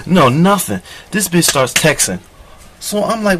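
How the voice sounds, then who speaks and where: Profane, rambling man with a higher voice. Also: lively intonation, a little slow, gravelly, fairly bright tone, a little hiss or hum. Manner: boastful, profane, rambling storytelling. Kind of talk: crude comedic monologue.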